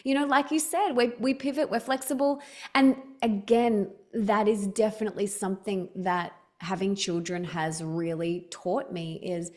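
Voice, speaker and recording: A woman's voice: medium pitch, steady tone, darkish tone. Woman in her thirties, podcast guest, chatty, storytelling, fillers. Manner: chatty storytelling, quick restarts, lots of "like". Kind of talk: casual interview chat.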